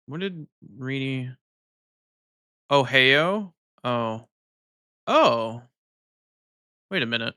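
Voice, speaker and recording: A man's voice: medium pitch, expressive, extremely slow, pauses often, bright, forceful tone, clear, resonant tone, no room sound, clean studio sound. A young American man chatting casually on a live stream, reading chat aloud and laughing often.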